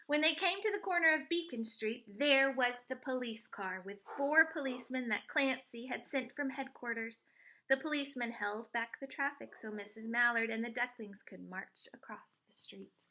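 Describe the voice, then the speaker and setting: A woman teacher reads a picture book aloud to children, expressive and pointing out the pictures. Her voice is fairly high at a normal speed, with slight background noise.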